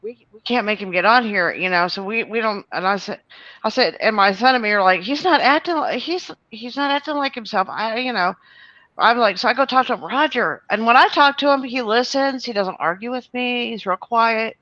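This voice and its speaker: A woman's voice: fairly high pitch, brisk, dry recording, highs cut off. A woman telling a long, rambling story on a show, full of fillers and restarts. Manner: animated, many fillers and restarts.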